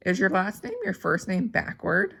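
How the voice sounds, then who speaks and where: A weak teenage boy who speaks quietly and flatly, as a woman reading aloud puts him on. His voice is low and a bit gravelly. It is heard in a storybook reading. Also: moderate pace, heavily acted.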